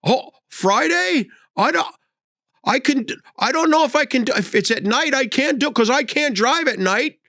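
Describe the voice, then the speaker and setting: Man doing a flustered elderly retiree, high, stammering, dry sound. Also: expressive, moderate pace, creaky, bright, forceful tone, no room sound, heavily acted. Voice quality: quavering, stammering. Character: flustered elderly man offering services, hesitant.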